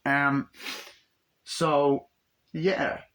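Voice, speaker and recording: A man's voice: on the high side, level tone, very slow, a bit bright. A man giving a casual, rambling film review, full of fillers and swearing. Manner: rambling, swears often, lots of "like" and "um". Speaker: movie reviewer.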